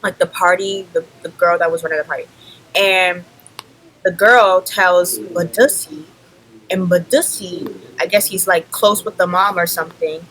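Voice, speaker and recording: Bright-voiced young woman telling a story. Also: fairly low pitch, unhurried, rough recording. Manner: animated storytelling, acts out quoted people. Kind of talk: casual storytime chat.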